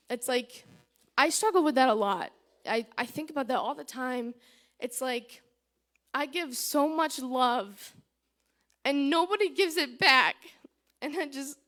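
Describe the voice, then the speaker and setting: A woman's voice: sits high, measured pace, a bit bright. A woman giving a personal church testimony, chatty and candid, retelling events with lots of "I was like" and nervous fillers. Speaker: testimony speaker.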